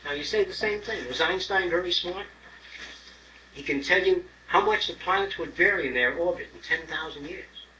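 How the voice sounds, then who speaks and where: A man's voice: high-pitched, normal speed, sharp tone. A man in his sixties giving an informal lecture, blunt and profane, who acts out other people's voices. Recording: roomy, distant mic, faint hiss on an old tape.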